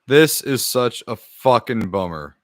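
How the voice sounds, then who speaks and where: A man's voice: mid-range voice, expressive, slow, no room sound. A man hosting a casual podcast stream, grumbling and cursing freely while he speaks to his viewers. His voice sits in a middle register. The sound is dry and close, with little room around it. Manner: frustrated, swears often, talks to the live chat. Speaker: podcast host. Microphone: podcast microphone.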